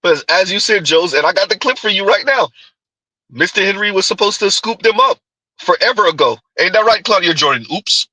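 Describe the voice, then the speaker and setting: A man with a bright, sharp voice that carries a husky edge. He hosts a commentary show and drops teasing, sardonic asides between clips. The sound is close and dry. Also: sits high, animated, fairly quick, no room sound, low-quality recording. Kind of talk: reacting to clips.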